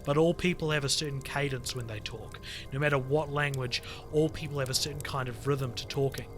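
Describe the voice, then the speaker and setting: A man on a podcast reading a creepy internet story aloud to friends, lively and full of swearing. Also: medium pitch, brisk, soft background music. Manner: animated storyteller, swears freely, breaks off to chat. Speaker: podcast co-host reading stories.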